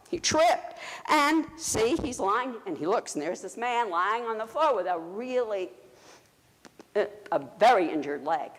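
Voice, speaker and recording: Brief: woman telling a story to a congregation, animated and halting, with long hall reverb. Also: on the high side. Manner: animated, hesitant with fillers. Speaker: church storyteller. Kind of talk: sermon storytelling. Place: church sanctuary.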